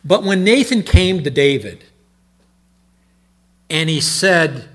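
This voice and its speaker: Husky man preaching with sharp dynamic swings. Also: expressive, unhurried, long pauses. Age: older. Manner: swings between loud emphatic bursts and low quiet asides. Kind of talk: sermon.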